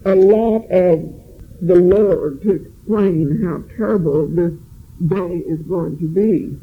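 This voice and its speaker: Man, Bible study teacher, earnest, slow-spoken, tinny phone-line sound. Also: high-pitched, husky. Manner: earnest, reads scripture aloud with emphasis.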